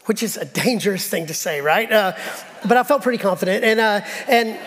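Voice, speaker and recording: Pastor, man, middle-aged, higher voice; conversational sermon, acts out stories; long church reverb. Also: lively intonation, brisk, fairly bright tone, a little hiss or hum. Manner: conversational, self-deprecating, acts out dialogue. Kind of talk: sermon with personal storytelling. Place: church sanctuary.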